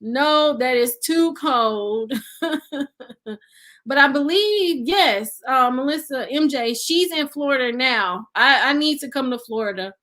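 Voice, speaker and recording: A woman's voice: high voice, animated, measured pace, bright, forceful tone. A woman hosting a casual live stream, chatting with viewers and reading their comments aloud, calling them "y'all" and laughing often. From Nashville, Tennessee resident. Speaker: livestream host.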